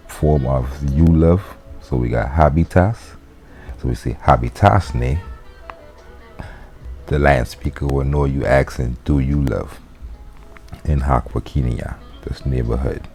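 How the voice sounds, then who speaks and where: Very deep, slow-talking man teaching. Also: dark tone. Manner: loose, conversational explaining with frequent fillers and restarts. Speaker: Latin teacher. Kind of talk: casual explanatory lesson.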